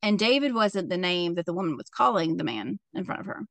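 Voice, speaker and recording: A woman's voice: fairly low pitch, sing-song, a little fast, gravelly, dry recording. Young female podcast host, casual true-crime storyteller, swears freely, dry close-up sound. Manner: chatty and profane, with frequent "like" fillers.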